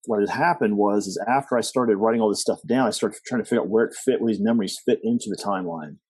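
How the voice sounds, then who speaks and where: Middle-aged male podcast guest, rambling storyteller, low and mellow voice, husky and dry. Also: fast talker, dry recording. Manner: rambling with many fillers and restarts, animated quoting. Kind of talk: storytelling interview.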